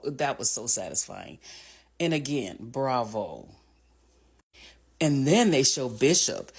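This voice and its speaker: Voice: mid-range voice, breathy edge. Chatty TV recap vlogger, full of fillers. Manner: chatty, many fillers and restarts, reacting emotionally as they retell scenes. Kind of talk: casual TV episode recap.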